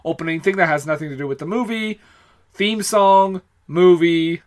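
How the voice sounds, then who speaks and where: Man, from Canada, podcast co-host, easygoing, casual banter, a little high. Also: normal speed. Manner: easygoing, chuckling, reads listener comments. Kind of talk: casual comedic chat.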